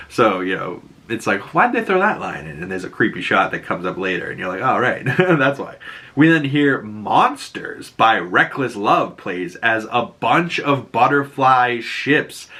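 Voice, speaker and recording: Man, Boston accent, casual recap, animated, cursing, bright voice. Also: medium pitch. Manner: animated retelling with profanity and acted-out quotes. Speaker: show recap host.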